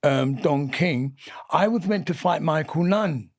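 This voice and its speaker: A man in his sixties, a boxing guest telling fight stories in an energetic, animated way and repeating his phrases. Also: a little high, a little slow, no echo, clean studio sound. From England. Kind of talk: animated storytelling interview.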